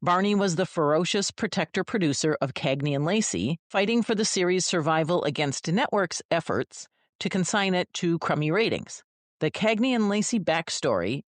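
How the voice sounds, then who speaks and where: A woman's voice: on the low side, no echo. A woman hosting an interview podcast, asking questions and reading scripted segments. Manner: attentive, affirming listener. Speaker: podcast host.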